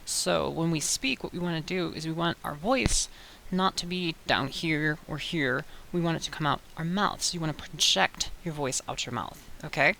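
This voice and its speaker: A young woman talks through a casual voice-training tutorial, her bright voice carrying a gravelly fry. She chats loosely, full of fillers and quick self-corrections. A faint hiss sits under the recording. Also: sits low. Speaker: voice coach. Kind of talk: casual tutorial talk to camera.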